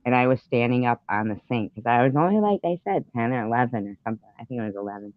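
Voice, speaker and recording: A man's voice: mid-range voice, animated, fast, dry recording, phone-quality sound. A man hosting a live stream, rambling through a story in casual chat with lots of fillers and the odd swear word.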